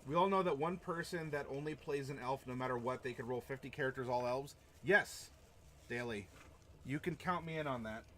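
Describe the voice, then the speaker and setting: A man's voice: medium pitch, fairly quick, pushed and bright, a little hiss or hum. A man hosting a tabletop role-playing live stream, chatting casually and rambling with chuckles while reacting to chat. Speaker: stream host.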